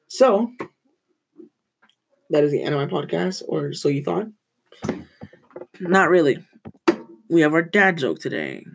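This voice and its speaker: Rambling teen student with vocal fry. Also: medium pitch, a little hiss or hum, rough recording. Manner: rambling, often corrects itself, tells corny jokes. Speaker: student podcast host. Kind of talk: casual school podcast recap.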